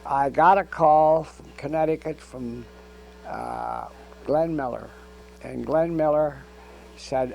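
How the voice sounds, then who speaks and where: An older man being interviewed, telling anecdotes in an animated way and acting out the dialogue. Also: medium pitch, takes it slowly, creaky, rough recording. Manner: animated storyteller who acts out dialogue. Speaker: interview guest. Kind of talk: anecdotal storytelling.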